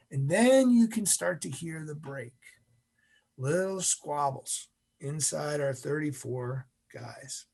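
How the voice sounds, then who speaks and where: Man, middle-aged, husky, interview guest, animated storytelling. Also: on the high side, slow pace. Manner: animated storyteller, acts out scenes.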